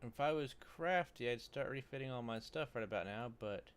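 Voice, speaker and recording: A man's voice: medium pitch, brisk, smooth. A man casually commentating his own strategy game playthrough, muttering to himself and grumbling at the game. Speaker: gaming YouTuber. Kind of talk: casual let's-play commentary.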